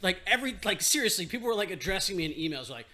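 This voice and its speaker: A man's voice: sits high, very animated, racing, sharp tone. A man co-hosting a podcast, telling crude stories and acting out other people's voices in casual banter. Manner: crude joking storyteller, acts out voices. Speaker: podcast co-host.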